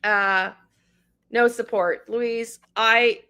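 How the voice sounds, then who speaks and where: Speaking very slowly in a fairly high, bright voice, this Canadian tarot livestream host sounds forceful yet steady, with a clean tone. The middle-aged woman cries and rambles through an emotional chat, calling her viewers by name.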